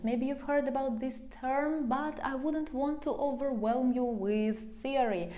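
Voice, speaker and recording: A woman's voice: high-pitched, darkish tone. A young woman teaching a language lesson on video, patiently explaining step by step with examples.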